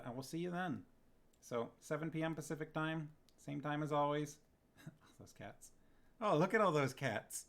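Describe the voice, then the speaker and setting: A man streaming a book reading, casually chatting with his viewers, laughing often and reading their comments aloud. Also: a little high.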